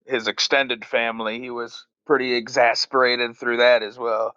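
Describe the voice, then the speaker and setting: A man with a Midwestern accent chatting as a podcast co-host, chiming in with quick, dry quips. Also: mid-range voice, little pitch movement, pushed and bright, clear, resonant tone, no room sound. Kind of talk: casual podcast chat. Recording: muffled lo-fi mic.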